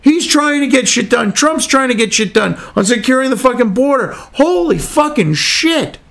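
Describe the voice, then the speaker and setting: A man with a high, animated voice rants angrily and sarcastically, and he swears freely. He breaks off from reading news aloud to argue with it, and his pitch jumps all over the place. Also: normal speed, gravelly. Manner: angry, profane, sarcastic ranting. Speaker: political commentary host.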